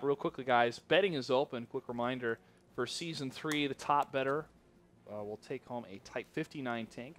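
A man casting a live esports match, chatty and easily excited, jumping up loud when surprised. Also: mid-range voice. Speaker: esports caster. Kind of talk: esports play-by-play commentary.

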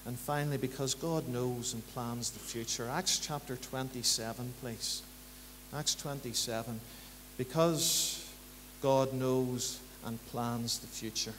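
A man preaching a sermon in church, building to emphatic rhythmic repetitions and then dropping low and quiet. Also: steady tone, slow. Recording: church hall reverb, faint hum.

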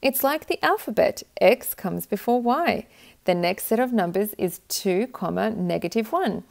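Woman reading as an eager young boy, excited, storybook quest, slightly gravelly. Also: medium pitch, measured pace.

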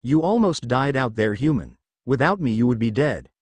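A man's voice: medium pitch, lively intonation, normal speed, husky, dry recording. A man voicing a huge sealed male nine-tailed fox who growls and mocks. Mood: scornful. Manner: growling, mocking.

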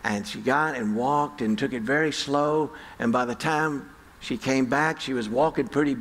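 A man's voice: mid-range voice, normal speed, a bit bright, big-room sound. A middle-aged male pastor preaching a sermon in a folksy, conversational storytelling way. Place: church sanctuary.

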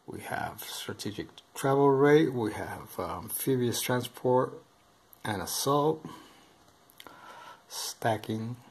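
Guy reading game rules real slow, lots of uh and um, halting, camera over the table. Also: mid-range voice, darkish tone, husky. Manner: hesitant, halting, full of uh and um. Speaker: board game unboxing host. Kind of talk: casual reading aloud from a rulebook. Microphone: camera filming over the table.

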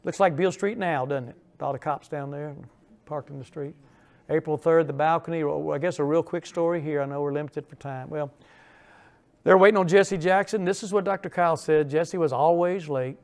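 A man's voice: fairly high pitch, a little fast. Folksy older man telling local history. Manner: folksy storyteller, asides and rhetorical questions. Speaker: local historian giving a public lecture. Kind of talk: informal history lecture with slides. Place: lecture hall.

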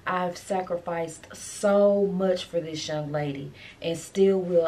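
A woman's voice: lowish voice, darkish tone, a little hiss or hum. A woman, chatting emotionally to her viewers in a casual vlog. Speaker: vlogger, mother.

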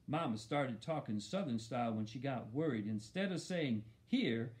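A man narrating a children's novel in an expressive first-person storytelling voice. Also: medium pitch, unhurried, few pauses. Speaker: audiobook narrator.

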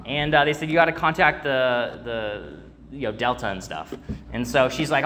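A man's voice: medium pitch, expressive, moderate pace, fairly bright tone, a little hiss or hum. A young man preaching to a congregation. He tells a personal story in a rambling way, with many fillers and restarts, and calls out to the crowd. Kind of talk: church sermon with personal story.

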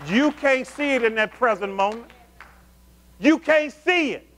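Man, pastor, sermon, high voice, call-and-response, loud then hushed. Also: lively intonation, a little slow, slight background noise. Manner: call-and-response preaching, asking the congregation questions; swings between loud emphatic calls and low murmurs.

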